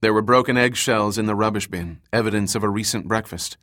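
A man reading an adventure story aloud in measured scripted narration. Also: lowish voice, a bit bright. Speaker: audiobook narrator.

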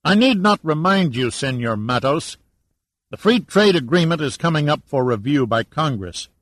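A commanding old admiral, as a man acts him out, measured and pressing. The voice is close and dry, with no room around it. He delivers warnings in formal, unhurried sentences. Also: fairly high pitch, animated, dry recording, voice pushed up. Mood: stern.

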